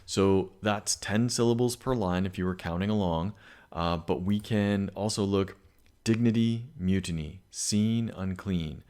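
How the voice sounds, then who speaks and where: A man's voice: sits low, steady tone, normal speed, darkish tone, smooth. A male English teacher giving a recorded lesson, explaining patiently and reading poems aloud, with frequent fillers.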